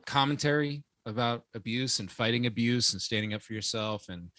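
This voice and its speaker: A man's voice: medium pitch, fairly quick, sharp tone. A man co-hosting a casual movie review podcast, chatty, laughing easily and restarting his sentences. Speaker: podcast co-host.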